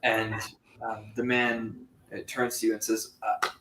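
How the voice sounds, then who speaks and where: A man narrating a tabletop game as game master, halting and full of ums and restarts. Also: lowish voice, completely flat delivery, bright, forceful tone, a little hiss or hum. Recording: roomy, distant mic with faint ambience.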